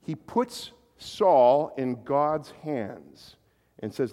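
A male pastor preaching a sermon in a relaxed, conversational way, with stumbling repetitions and chuckling asides. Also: mid-range voice, extremely slow. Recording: long hall reverb.

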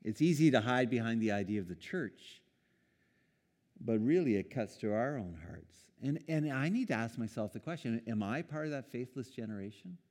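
A man preaching a sermon in a casual, conversational way, lively when quoting and quick to chuckle. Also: medium pitch, big-room sound. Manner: conversational, animated when quoting, with small laughs and restarts. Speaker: pastor.

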